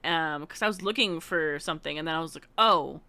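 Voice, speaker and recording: A woman livestreamer telling a story in casual chat with her viewers, excitable and laughing often. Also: deep voice, fairly quick. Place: room at home, alone.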